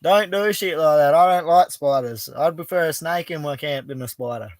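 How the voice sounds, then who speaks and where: With a slightly high voice at a normal speed, recorded dry, a middle-aged man runs a laid-back live chat from an outback bush camp. He's a Western Australian livestream host who talks bluntly and swears a lot.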